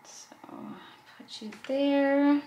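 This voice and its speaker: A woman's voice: high-pitched, steady tone, extremely slow, very noisy. A woman hosting a casual craft video, narrating each step as she works, chatty with small laughs. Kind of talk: casual craft tutorial voice-over.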